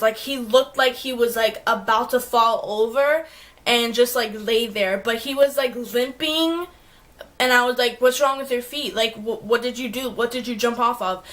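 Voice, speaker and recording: A woman's voice: a little high, sharp tone. A young adult woman vlogging, telling a long story casually and filling her talk with "like". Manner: rambling, heavy use of "like" fillers.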